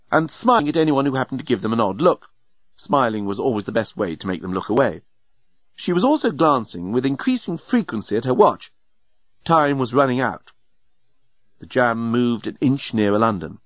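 A man narrating an audiobook in a wry, lively storytelling manner. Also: mid-range voice, normal speed, no room sound, lo-fi sound.

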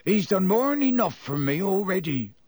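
A man voicing a huge, rough-spoken gamekeeper who talks through choking sobs. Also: high voice, big pitch swings, normal speed, a little mellow, no echo, pitched above the performer's own voice. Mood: groaning. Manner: broken, choked and wailing.

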